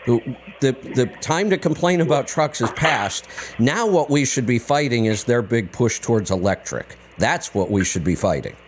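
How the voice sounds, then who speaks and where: A man's voice: mid-range voice, lively intonation, normal speed, noisy background. A man hosting a call-in radio show, emphatic and argumentative as he presses his point.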